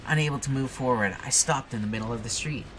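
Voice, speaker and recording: A man's voice: mid-range voice, quick pace, noisy background. A man playing a text adventure, reading the narration aloud with casual asides. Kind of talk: let's play reading and commentary.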